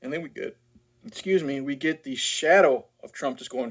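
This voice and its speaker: A man's voice: medium pitch, normal speed. Profane, sarcastic male movie reviewer. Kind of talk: casual ranting movie review.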